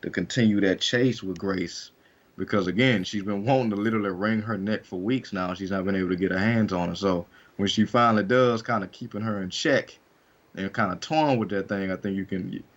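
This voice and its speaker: A man with a fairly low-pitched voice talks briskly as co-host of a wrestling podcast, casually rambling with frequent fillers and restarts. The sound is lo-fi.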